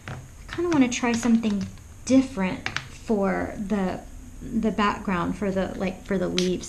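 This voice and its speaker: An art vlogger talks casually while demonstrating a painting, her mid-range voice carried on poor audio with a little hiss or hum. She rambles and hesitates with many ums, often drops to a whisper, and laughs at her own jokes.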